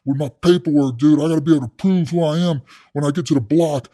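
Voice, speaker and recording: A man doing a comic impression of a loud, boastful male prison coach who bosses people around. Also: a little high, fast talker, close to an everyday voice. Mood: bossy boasting. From California. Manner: loud, aggressive, boastful, calls others soft boy. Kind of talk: comedic impression.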